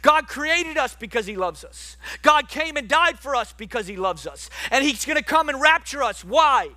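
A young man preaching a sermon, animated, swinging between soft quiet stretches and loud emphatic bursts. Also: very high-pitched, normal speed.

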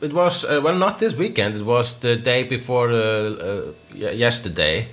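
Guy chatting on a podcast, bright voice, lots of uhs and restarts. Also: mid-range voice, expressive, normal speed. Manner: hesitant storyteller, many fillers and restarts. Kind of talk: casual chat.

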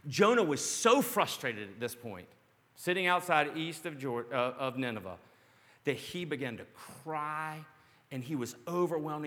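A man preaching a sermon, dramatic and storytelling, dropping to a hush and then rising to shouts. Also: fairly high pitch, expressive, measured pace. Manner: dramatic, swings from hushed to shouting. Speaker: pastor. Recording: long hall reverb.

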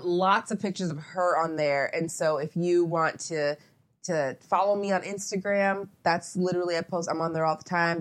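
A young adult woman, a photographer as interview guest, chatting casually and meandering with lots of asides. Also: fairly low pitch.

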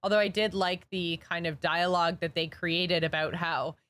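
A woman's voice: on the low side, steady tone, normal speed, fairly bright tone. A woman chatting casually as co-host, reviewing a show, with lots of "like" and acted-out quotes. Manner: chatty, many likes, acts out quotes. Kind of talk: casual podcast chat.

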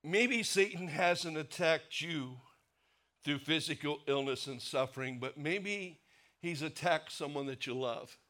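A pastor preaching a sermon, earnest, sinking to a quiet low voice for weight and lifting it for questions to the congregation. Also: male voice, a little slow. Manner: earnest preaching, drops low and soft for emphasis, rises for rhetorical questions.

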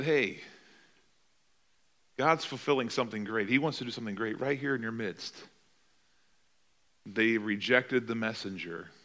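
A male pastor delivering a sermon with a bright, forceful voice. He preaches dramatically, swinging between loud emphatic lines and quiet, hushed ones as he acts out the quotes. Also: medium pitch.

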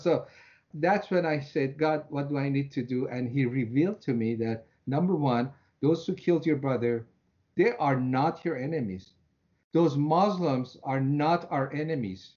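A man's voice: normal speed, a little mellow. A man in his sixties from Iran, a Christian minister telling his personal testimony in an interview, earnest, repeating words and acting out his prayers. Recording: muffled low-fidelity audio.

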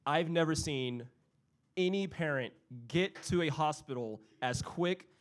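A young man telling a personal story in casual chat, animated and full of fillers, acting out family members' voices. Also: on the high side, a little slow.

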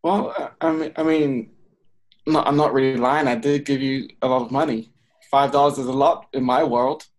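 A man's voice: mid-range voice, fairly even intonation, moderate pace, close to an everyday voice. Kindergarten boy, stammering and indignant, in an improvised skit voiced by an adult man. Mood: defensive. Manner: stammering, defensive.

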